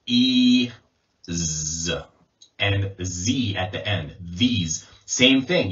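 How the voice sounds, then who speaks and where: A man as an English coach, giving a slow pronunciation lesson and repeating sounds as drills. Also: medium pitch, bright, forceful tone. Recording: distant mic, dull lo-fi sound.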